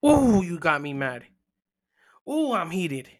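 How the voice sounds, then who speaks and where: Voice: medium pitch, sing-song, takes it slowly. A podcast host paraphrasing Jesus in the first person, as a restrained, indignant man holding back judgment, speaking intensely and emphatically. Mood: heated.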